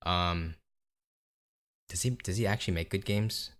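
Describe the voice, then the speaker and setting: A man with a very low, deep voice talks through a laid-back podcast chat about video games. He teases his co-host and drops casual swears along the way. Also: measured pace. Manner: relaxed, teasing, swears casually.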